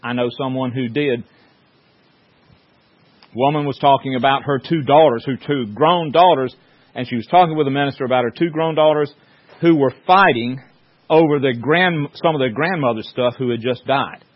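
A man's voice: mid-range voice, moderate pace. A man preaching a sermon in a folksy, joking storytelling way, with many restarts. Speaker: pastor. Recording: dull lo-fi sound.

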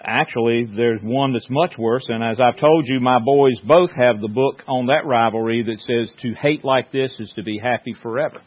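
A man's voice: medium pitch, normal speed, few pauses. A man preaching a sermon in a folksy, joking storytelling way, with many restarts. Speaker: pastor. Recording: dull lo-fi sound.

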